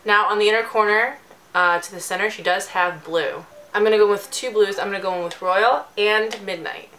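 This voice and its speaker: A woman's voice: mid-range voice, fairly quick, pushed and bright, poor audio. Casual young woman, makeup tutorial, joking asides, light background hiss. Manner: chatty and jokey. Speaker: beauty vlogger.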